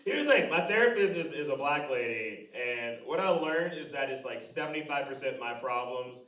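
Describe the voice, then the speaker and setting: A man in his thirties doing a stand-up comedy set on a live club stage, animated and loud with shouted impressions. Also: medium pitch, normal speed. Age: 30s. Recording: echoey room, voice from a distance. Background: audience laughter.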